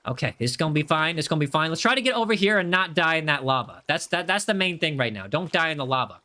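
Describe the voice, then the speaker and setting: A man's voice: a little high, expressive, quick pace, bright, forceful tone. A man with an American accent giving live gaming commentary, chatting with his viewers in a rambling way, repeating himself and restarting sentences as he plays. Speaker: game streamer.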